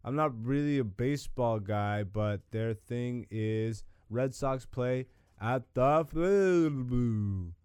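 A man's voice: mid-range voice, takes it slowly, clear, resonant tone, no room sound. A young man hosting a casual comedy podcast from a small home studio, joking and riffing loosely. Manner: animated, joking, trails into bits and put-on voices. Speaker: podcast host.

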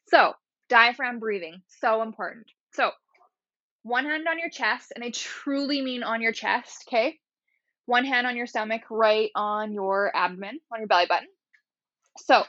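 A bubbly woman physiotherapist talks through core exercises in a casual, chatty teaching style, her voice a little high. The recording is dry and dull, with a slightly lo-fi sound. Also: normal speed, a bit bright, no room sound. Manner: bubbly, chatty, laughs often, guides breathing exercises. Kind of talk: casual instructional explanation.

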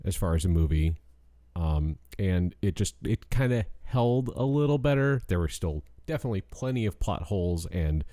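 Speaking in a deep, mellow voice with lively intonation, this podcast co-host talks at a normal pace in a loose, casual chat. He rambles, often restarting sentences and filling gaps with filler words. The recording is dry.

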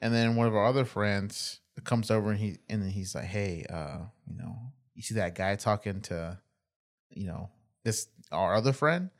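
A man's voice: fairly low pitch, moderate pace. A man casually telling a rambling bar story on a podcast, swearing freely and laughing as he goes.

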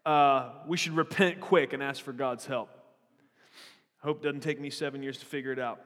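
A man's voice: medium pitch, steady tone, normal speed, a bit bright. A male pastor preaching a sermon in a conversational way, reading scripture and making joking asides to the congregation. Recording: long hall reverb.

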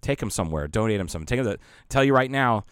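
A man's voice: on the low side, very fast, smooth, no room sound, clean studio sound. A man co-hosting a podcast, telling rambling, profane anecdotes in casual chat. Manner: rambling, profane, animated anecdotes with self-corrections. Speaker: podcast co-host.

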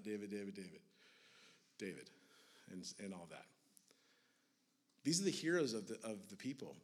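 A man preaching a sermon in a casual, conversational way, swinging from hushed, near-whispered lines to intense, raised passages. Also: mid-range voice. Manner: conversational, fillers of "like", rising to intense then hushed. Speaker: pastor.

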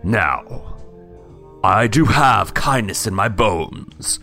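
Man doing a pompous restaurant boss, loud and bright, grand manner. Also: lively intonation, very slow, soft background music, full character voice. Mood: imperious. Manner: grandiose, theatrical, booming declarations. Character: pompous shouting male restaurant manager.

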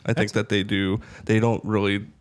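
A man's voice: lowish voice, level tone, normal speed, slight background noise. A man co-hosting a podcast in casual chat, dry and teasing. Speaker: podcast co-host.

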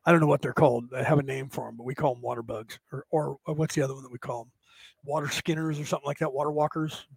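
A man's voice: medium pitch, steady tone, very fast, gravelly, husky, no room sound. A man from California chatting casually to viewers in a folksy, rambling way, often tagging his sentences with "right?". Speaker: livestream host reading chat.

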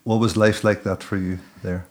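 Low-voiced male interviewer. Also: flat delivery, moderate pace. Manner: curious, asks short follow-up questions. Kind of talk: conversational interview.

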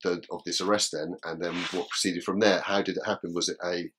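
A male interviewer asks halting questions and often rephrases them partway through. His voice is low, with faint noise behind it. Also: steady tone, fairly bright tone.

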